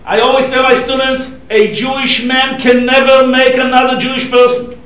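A man's voice: very high-pitched, level tone, normal speed, a bit bright. A middle-aged man, a rabbi teaching a Torah class, talking emphatically and telling stories. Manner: emphatic, storytelling, mixing Hebrew and Yiddish terms. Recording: echoey room from far off.

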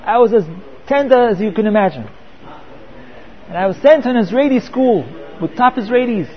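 A man's voice: extremely high pitch, lively intonation, normal speed, lo-fi sound. A man teaching a Torah class, often repeating words and mixing in Hebrew terms.

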